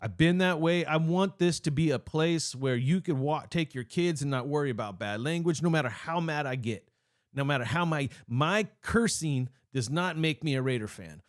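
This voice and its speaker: A young man with a slightly high voice goes off in a heated live-stream rant about his team. He rambles, trips over his own words and restarts sentences, sounding worked up all the way through. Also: expressive, moderate pace. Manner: heated, rambling, self-interrupting. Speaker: sports fan channel host.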